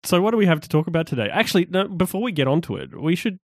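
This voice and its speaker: A man hosting a podcast, chatting in an animated way with frequent stumbling restarts. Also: high-pitched, rapid-fire, dry recording, clean studio sound. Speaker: podcast co-host. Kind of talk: casual chat.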